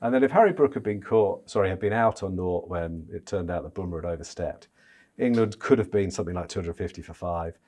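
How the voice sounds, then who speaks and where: Animated, stammering male cricket pundit. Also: low voice, quick pace. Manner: stammering restarts, animated and chatty. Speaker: chief cricket correspondent. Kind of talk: casual podcast discussion.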